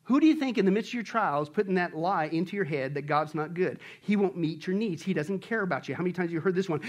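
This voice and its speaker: A male pastor preaching a sermon in an animated, conversational way, often quizzing the congregation with questions. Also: sits high, quick pace, few pauses.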